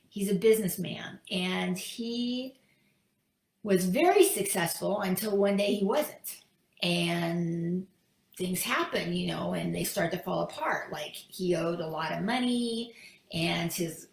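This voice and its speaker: A woman's voice: lowish voice, vocal fry, reverberant. A woman speaker telling a story to her audience in a casual, chatty way. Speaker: speaker, teacher. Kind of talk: storytelling talk.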